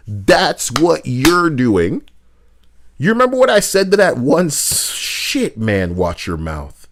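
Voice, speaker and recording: Man, game streamer, ranting, swearing, sarcastic, lively swinging pitch. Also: slow pace. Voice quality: animated, swings between mock voices and mutters. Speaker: streamer reacting to posts. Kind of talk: profane ranting commentary.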